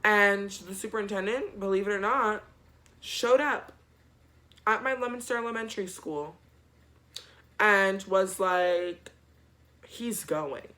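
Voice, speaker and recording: A man's voice: high-pitched, a little slow, long pauses, bright, forceful tone. A young man telling a storytime vlog in a chatty, slangy, dramatic way. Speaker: vlogger. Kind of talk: casual storytime.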